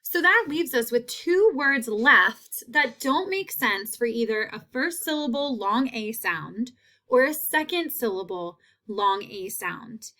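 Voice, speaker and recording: A woman teacher giving a phonics lesson, repeating each word slowly and clearly. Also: on the high side, animated, sharp tone.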